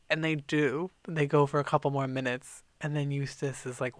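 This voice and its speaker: A man co-hosting a casual book podcast, retelling the plot in an animated, profane way and acting out the lines. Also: fairly high pitch, moderate pace, no room sound. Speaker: podcast co-host.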